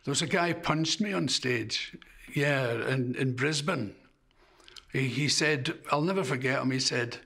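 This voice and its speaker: A man, a stand-up comedian, telling anecdotes in an interview with animated delivery, swearing and acting out shouts. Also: mid-range voice, a little slow, breathy edge.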